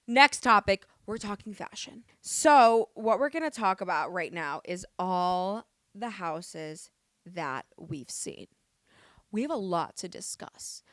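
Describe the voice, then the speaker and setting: A woman's voice: medium pitch, bright, forceful tone, no echo. A young woman giving casual, outspoken commentary in a vlog, swinging from dramatic outbursts to rambling asides.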